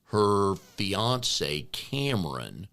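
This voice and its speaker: A man's voice: on the low side, drawn-out words, clear, resonant tone. A middle-aged man co-hosting a business coaching podcast in a chatty, joking way. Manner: joking, chatty, relaxed banter. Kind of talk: casual podcast chat.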